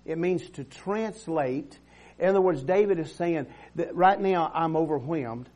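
A middle-aged male pastor preaches a sermon in a voice on the high side, a little slow and darkish in tone. He uses call-and-response, calling for amens often and repeating words and restarting as he builds his point.

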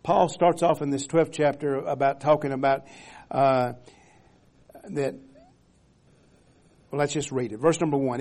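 A man preaching a sermon, reading scripture louder and stretching out key phrases, often repeating words as he builds to a point. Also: medium pitch, fairly even intonation. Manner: rising in volume when reading scripture, drawn-out emphatic phrases.

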